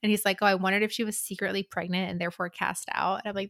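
A woman's voice: mid-range voice, fairly even intonation, fast, no room sound, clean studio sound. A woman co-hosting a book podcast in casual chat, retelling scenes with laughter. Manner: bright, gravelly, laughs while retelling. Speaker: podcast co-host.

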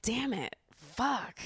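A woman's voice: on the high side, breathy edge, no echo, studio quality. A woman in her late twenties hosting a podcast, talking casually on her own, laughing often and swearing freely. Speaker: podcast host. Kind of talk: casual solo podcast monologue.

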